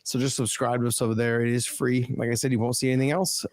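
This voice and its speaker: A man's voice: medium pitch, level tone, quick pace. Blunt, casual male podcast host. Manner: blunt, swears freely, plugs sponsors. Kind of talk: casual chat.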